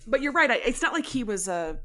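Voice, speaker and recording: A woman's voice: on the high side, big pitch swings, fast talker, sharp tone. A woman co-hosting a podcast in casual chat, reading news items and joking playfully. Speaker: podcast co-host.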